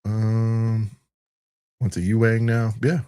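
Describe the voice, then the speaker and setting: A man's voice: lowish voice, little pitch movement, slow, warm tone, smooth. A man in his thirties on a review panel, chatting casually and rambling, with lots of "dude" and "like". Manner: rambling and laid-back, full of "dude" and "like". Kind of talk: casual chat.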